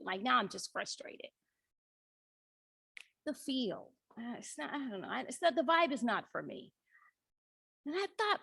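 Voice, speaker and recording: A middle-aged woman giving a conference workshop talk, telling lively stories and acting out conversations with her teenage daughter. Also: on the high side, fairly quick, gravelly, no echo. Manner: animated storyteller, acts out dialogue with her daughter. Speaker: workshop speaker.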